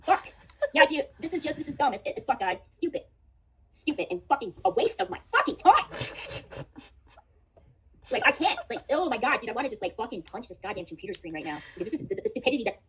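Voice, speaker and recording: A woman's voice: a little high, sing-song, fast, a bit bright, breathy edge. A young woman streaming live, ranting angrily at her chat and swearing constantly. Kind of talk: angry livestream rant.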